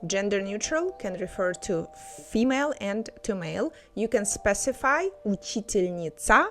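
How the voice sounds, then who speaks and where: A woman teaching an online language lesson, slowly repeating words to drill their pronunciation. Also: medium pitch, expressive, fairly bright tone. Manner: slow, careful word-by-word pronunciation drills.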